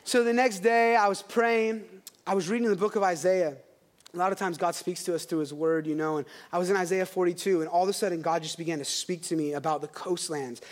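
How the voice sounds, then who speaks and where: A man's voice: sits high, a little fast. A man in his thirties preaching a sermon, telling stories with energy and acting out the voices of people in them. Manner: animated storytelling, acts out quoted voices. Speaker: pastor.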